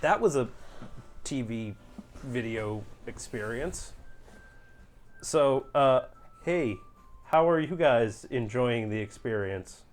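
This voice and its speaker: A man's voice: mid-range voice, animated, takes it slowly, long pauses, soft background music. A man hosting a game stream, chatting casually in a sarcastic, playful way. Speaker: streamer host. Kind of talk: casual chat.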